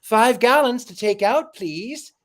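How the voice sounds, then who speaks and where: A man voicing a kindly, battered little old car in a storybook, with a gentle, sighing manner. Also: very high voice, animated, takes it slowly, heavily acted.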